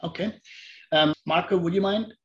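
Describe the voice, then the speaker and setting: Man hosting an interview, dull lo-fi sound. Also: high-pitched. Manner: courteous, measured questions. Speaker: host.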